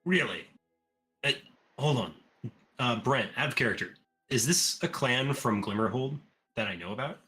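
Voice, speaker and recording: A man playing his character in a tabletop game, describing actions in a slow, drawling manner. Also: mid-range voice, expressive, bright, forceful tone. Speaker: player.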